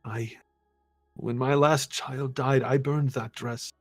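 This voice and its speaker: A man voicing a grieving noblewoman who speaks haltingly and hesitantly. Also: medium pitch, steady tone, no echo, faint music behind, pitched above the performer's own voice. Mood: grief-stricken. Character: grieving, shaken noblewoman, a baroness.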